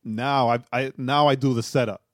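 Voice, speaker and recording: A man's voice: mid-range voice, steady tone, normal speed, dry recording, clean studio sound. A man co-hosting a podcast in casual chat, who laughs often and chimes in to agree. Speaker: podcast co-host.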